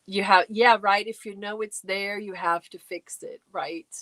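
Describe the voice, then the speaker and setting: A woman's voice: medium pitch, steady tone, a little slow, a bit bright, dry recording. A middle-aged woman hosting a casual livestream, chatting away and reading out and answering viewer comments. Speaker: livestream host. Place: home crafting space.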